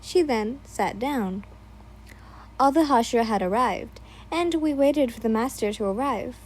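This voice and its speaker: A woman reading a second-person fan story aloud, tripping over names and breaking off for quick asides. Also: on the high side, lively intonation, darkish tone, poor audio. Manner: stumbles over names, laughs and adds asides. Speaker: fan fiction reader.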